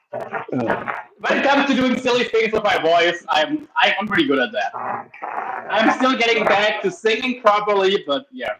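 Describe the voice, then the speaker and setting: A man's voice: high voice, big pitch swings, measured pace, crowd noise, poor audio. A man hosting a livestream, chatting casually and rambling while he cooks at home with his dog. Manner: rambling, restarts sentences. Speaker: livestream host. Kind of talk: casual chat while cooking. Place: home kitchen.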